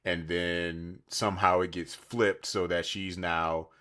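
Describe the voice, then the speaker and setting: A man's voice: low voice, slow. A man co-hosting a podcast, chatting casually about a TV series and breaking into voices to act out quotes. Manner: animated, jumps into voices for quotes. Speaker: podcast co-host. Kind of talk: casual TV review chat.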